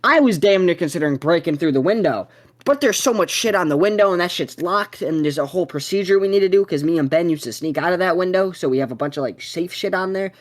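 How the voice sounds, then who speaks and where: A young adult co-host tells a story in loose, profane chat on a podcast. The voice sits mid-pitch but swings up and down a lot. The delivery rambles, stops and restarts, and breaks into sudden excited bursts. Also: fast.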